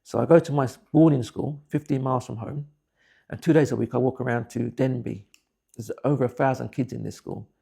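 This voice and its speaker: A man's voice: medium pitch, vocal fry, dark tone, breathy edge. A man, giving blunt, plain-spoken personal testimony. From England. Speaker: interviewee.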